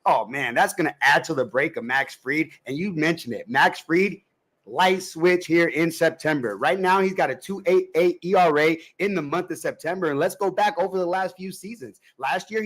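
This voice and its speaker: Guy on a betting podcast rattling off numbers, kinda high voice, pumped and slangy. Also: fairly bright tone. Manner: stat-heavy, emphatic, slangy. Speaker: sports betting podcast host. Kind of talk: casual betting breakdown.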